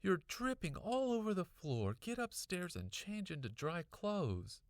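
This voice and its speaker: A man's voice: high voice, big pitch swings, unhurried, dry recording, clean studio sound, voice pushed up, heavily acted. A man voicing an impatient middle-aged mother who scolds in a stern, clipped way. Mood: scolding.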